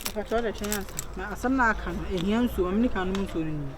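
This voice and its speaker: A Ghanaian woman in a comic skit who talks in quick, exclamatory bursts, switching between Twi and pidgin English. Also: medium pitch, a crowd in the background. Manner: excited, exclamatory, quick back-and-forth. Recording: noisy background.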